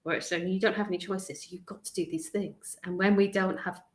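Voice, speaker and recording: A woman who works as a stress coach gives a live video talk to an online group from a room in her home while a storm rattles the windows. Her medium-pitched voice runs a little fast with fairly even intonation, and she's chatty, often digressing and cutting herself off. The room sounds echoey.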